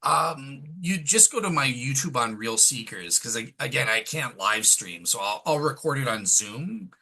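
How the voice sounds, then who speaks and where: A man hosting a casual podcast chat, relaxed and informal. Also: medium pitch, moderate pace, poor audio. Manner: relaxed, casual fillers like "all right, cool". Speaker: host.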